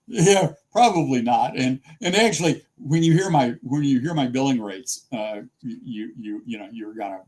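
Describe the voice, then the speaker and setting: Male lawyer, halting and self-mocking, casual chat. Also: mid-range voice, lively intonation, darkish tone. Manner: halting, self-deprecating joker.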